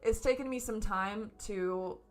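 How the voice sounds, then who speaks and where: A woman's voice: medium pitch, unhurried, soft background music. A woman streaming from home, reviewing a concert in a casual, gushing way and swearing freely. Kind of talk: casual excited review chat. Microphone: camera setup at home.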